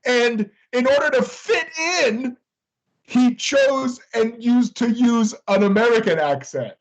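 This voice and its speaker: A man co-hosting a casual wrestling podcast, talking in an animated, joking way with plenty of swearing. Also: extremely high pitch, slow, poor audio. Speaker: podcast co-host.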